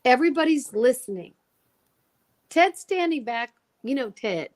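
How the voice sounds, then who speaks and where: A woman's voice: high voice, unhurried. A woman telling an emotional personal story as a guest, acting out the voices of the people she quotes. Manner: animated, acts out quoted dialogue.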